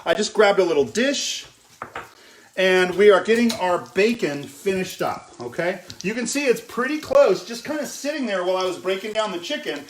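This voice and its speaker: A man's voice: high-pitched, a bit bright, roomy sound, slight background noise. A man hosting a casual live cooking demo in his kitchen, chatting with viewers and often checking in with "okay?". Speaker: chef hosting a cooking stream. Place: home kitchen.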